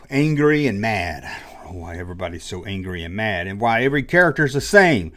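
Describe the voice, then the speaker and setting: A man's voice: fairly low pitch, sing-song, a little fast, bright, forceful tone. A man hosting his own channel, giving an exasperated, sarcastic rant in a commentary vlog. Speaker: channel host.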